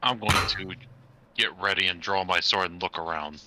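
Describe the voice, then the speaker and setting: A man's voice: deep voice, moderate pace, very noisy. A man taking part in a tabletop game as a player, making offhand, wry remarks about his character's actions. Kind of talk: casual tabletop play.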